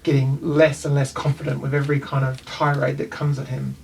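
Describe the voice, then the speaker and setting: A man's voice: medium pitch, completely flat delivery, a little fast, creaky, distant mic, a little hiss or hum. A man with a New Zealand accent narrating a tabletop game as game master, in a loose, rambling way.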